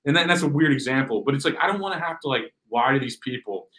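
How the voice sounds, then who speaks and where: A man chatting as a podcast guest, animated and swearing, acting out voices and often saying "bro". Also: medium pitch, fast, low-quality recording. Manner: animated, swears, acts out quoted voices, says "bro" a lot. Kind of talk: casual chat.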